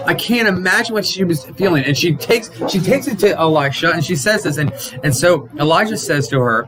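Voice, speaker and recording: A man leads a relaxed Sunday school lesson, lively and talkative, jumping into voices for the people he quotes and tripping over his own restarts. His voice sits fairly high for a man. A soft layer of room noise runs underneath. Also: fairly quick, low-quality recording. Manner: animated, acts out quotes, frequent restarts. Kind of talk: casual Bible lesson.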